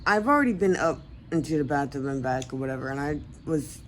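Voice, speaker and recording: Woman, casual vlog, at home, groggy, rambling self-talk, lively swinging pitch. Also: brisk, a little hiss or hum, low-quality recording. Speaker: vlogger.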